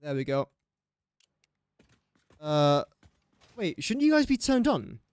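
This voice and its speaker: Slow-paced yet very animated, a young Englishman with a higher, slightly mellow, clean-toned voice rambles through a casual livestream of a building game. He chuckles often and teases himself over his slips. There's no room sound.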